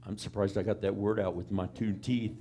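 A man's voice: fairly low pitch, level tone, fairly quick, mellow. A man preaching a sermon in a plain country-boy way of talking, folksy, often checking in with the congregation by asking "amen?" and "all right?". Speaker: pastor.

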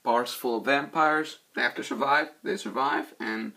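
Reviewing a movie at a moderate pace, a young man with a medium-pitched voice wanders casually through his thoughts, swearing often and losing his train of thought. He acts out quotes from the film in loud, shouty voices.

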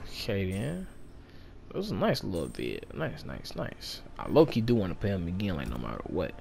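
Animated man groaning through a fighting game. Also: low voice, normal speed, creaky, slight background noise. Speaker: gaming channel host. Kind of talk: live gameplay commentary.

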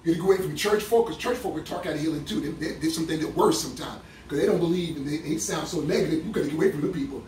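A male preacher with a high, ringing voice delivers a call-and-response sermon, hammering his lines over and over and rising into shouts. He sounds set back from the microphone in a reverberant church sanctuary. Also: rapid-fire, hardly any pauses, slight background noise. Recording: echoey room, mic far off.

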